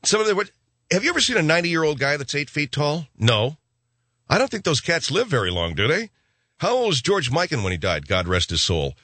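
A man hosting a talk radio show, rambling and sarcastic in a gruff, offhand way, on a studio microphone. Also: fairly high pitch, wildly swooping pitch, brisk, sharp tone, no room sound.

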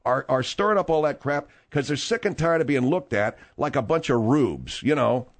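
Blunt, lively-voiced male radio host. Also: medium pitch, normal speed. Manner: blunt, sarcastic, reads news aloud with asides. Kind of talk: casual radio banter.

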